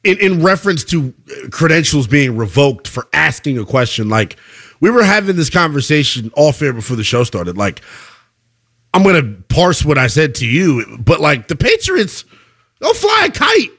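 Man, sports talk co-host, lively swooping voice, bright, emphatic. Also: on the high side, moderate pace, breathy edge. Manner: animated, emphatic, repeats himself. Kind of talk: casual sports debate.

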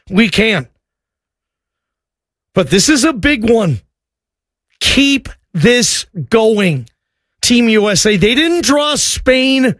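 A male sports radio host with a high voice who talks in an excitable, rambling way, full of restarts. His studio sound is dry and close, with no room in it. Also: no room sound. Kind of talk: call-in radio talk show.

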